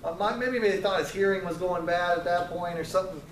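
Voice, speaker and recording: A man's voice: high-pitched, a little fast, slight background noise. Roomy-sounding man teaching a casual Bible class. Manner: conversational, joking asides, frequent restarts. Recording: roomy, distant, faint ambience.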